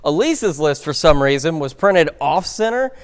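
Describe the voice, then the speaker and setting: A man's voice: fairly high pitch, very animated, normal speed, clean tone. A man anchoring a local morning newscast and giving the weather forecast, chatty and upbeat, with the odd stumble.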